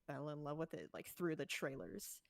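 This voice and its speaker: Chatty young woman, low voice. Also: very animated, normal speed, vocal fry, no echo. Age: young adult. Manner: chatty, lots of filler words. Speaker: livestream co-host. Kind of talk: casual chat.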